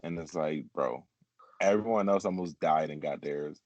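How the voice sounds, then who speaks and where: Deep-voiced man in casual chat. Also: moderate pace, a little mellow, no echo, highs cut off. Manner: rambling, swears, laughs often. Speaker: podcast co-host.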